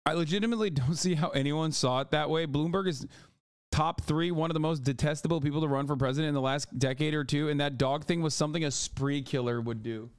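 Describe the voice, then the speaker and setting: A male streamer reacts to clips with mocking, exasperated rants. His voice sits high for a man and sounds smooth and clear. The close mic is dry, with no room in it. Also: quick pace, no echo. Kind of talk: casual live-stream commentary.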